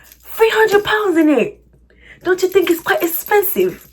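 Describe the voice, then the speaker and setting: A woman's voice: very high-pitched, big pitch swings, a little slow, pitched above the performer's own voice, heavily acted. A woman putting on a mock British accent to play an indignant shopper complaining about a price. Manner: over-the-top, breaking into laughter.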